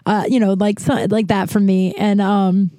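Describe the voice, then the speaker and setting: Candid female podcast host, mellow voice, dry close sound, rambling. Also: medium pitch, level tone, normal speed, dry recording. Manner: rambling, frank, many restarts. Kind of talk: candid personal storytelling.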